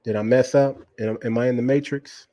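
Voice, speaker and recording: A man's voice: medium pitch, fairly even intonation, brisk, dark tone, dry recording. A man hosting a casual livestream interview who keeps speaking straight to his viewers and checking the stream.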